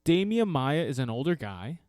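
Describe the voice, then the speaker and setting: A man's voice: a little high, big pitch swings, normal speed, darkish tone, smooth, no echo, clean studio sound. A man co-hosting a podcast in casual chat, opinionated, making his points by acting out what others say. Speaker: podcast co-host.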